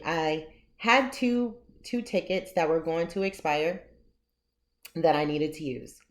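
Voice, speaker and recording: A woman vlogger and author telling a personal story in a casual, animated way, often laughing as she talks. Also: lowish voice.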